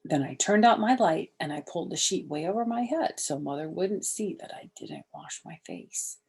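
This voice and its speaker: A woman's voice: on the low side, very animated, moderate pace, gravelly, a little mellow, slightly rough. An older woman reading a children's chapter book aloud, with chatty asides to her listeners. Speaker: storyteller.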